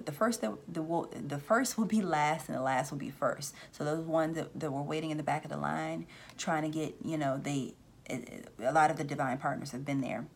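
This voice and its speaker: Low voiced lady rambling thru a spiritual reading, bit of faint hiss behind. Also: vocal fry. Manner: rambling, with restarts and quoted voices. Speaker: spiritual reader and channel host. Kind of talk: casual spiritual channeling talk.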